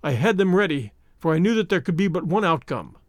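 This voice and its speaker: A man's voice: high-pitched, animated, fairly quick, no room sound, studio quality. A man reading the part of a bitter, cornered army officer who hisses threats. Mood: hopeless.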